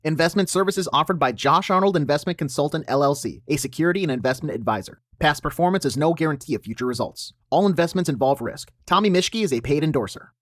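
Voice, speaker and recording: A man reading a legal disclaimer quickly and flatly. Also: fairly high pitch, dry recording, studio quality. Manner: rapid, flat legal disclaimer. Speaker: disclaimer reader.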